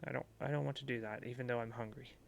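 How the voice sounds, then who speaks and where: A worn-out young man stuck in a pit, bitter and hopeless, as a man reads him aloud. His voice is gravelly and pitched in the middle, and he speaks with a bleak, heavy weariness. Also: steady tone, racing, slight background noise, close to an everyday voice. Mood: brooding. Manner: despairing, then pleading. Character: despairing young man trapped in a hole. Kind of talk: reading game dialogue aloud.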